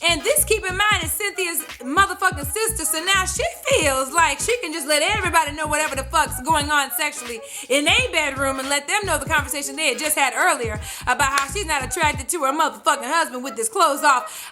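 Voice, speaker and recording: Woman, high voice, sassy, profane vlog recap, faint music behind. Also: brisk. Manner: sassy, animated, acts out quotes. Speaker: vlogger reviewing a reality show.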